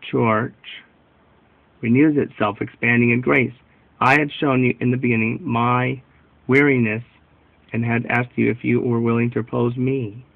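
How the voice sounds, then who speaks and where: A man reading the words of Jesus as a gentle, loving divine speaker in a solemn, measured devotional reading. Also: medium pitch, gravelly, dry recording, narrow, tinny audio.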